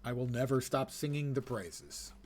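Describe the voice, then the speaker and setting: A man's voice: medium pitch, expressive, moderate pace, darkish tone, slight background noise. An older man giving rambling, wry live commentary while he plays a game. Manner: wry, rambling, self-mocking asides. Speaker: game streamer.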